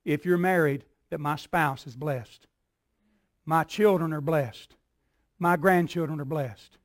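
A man preaching a sermon as pastor, building in repeated phrases and swinging from soft, low lines to loud cries. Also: dry recording, clean studio sound. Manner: preaching with call-and-response rhythm, dropping soft then shouting.

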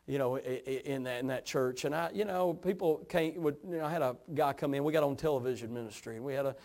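A middle-aged pastor from East Tennessee preaches with a hillbilly Appalachian accent, his medium-pitched voice moving at a quick pace. His folksy, drawling sermon shifts between quiet storytelling and fervent exhortation.

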